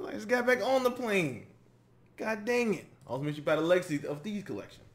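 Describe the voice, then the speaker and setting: A young man hosting a casual reaction video, excitable and rambling with frequent restarts. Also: high voice, brisk. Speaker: YouTube reaction host.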